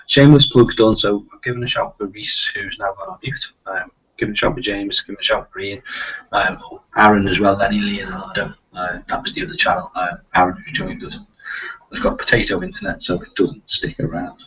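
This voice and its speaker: A man's voice: on the low side, steady tone, a little fast, fairly bright tone, breathy edge. A man with a light Liverpool accent hosting a casual live-stream chat. He rambles, with many fillers and restarts. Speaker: host of a live video chat. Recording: muffled, distant, lo-fi stream audio.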